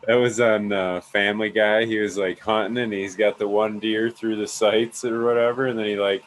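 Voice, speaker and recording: A man's voice: lowish voice, little pitch movement, normal speed, slight background noise, rough recording. A man in casual chat, laid-back and chuckling.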